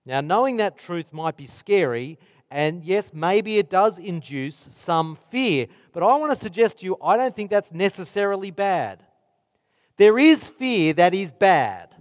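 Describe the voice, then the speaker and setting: A man preaching a sermon in a slow, deliberate way, leaning on weighty pauses. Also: sits high, long reverb tail.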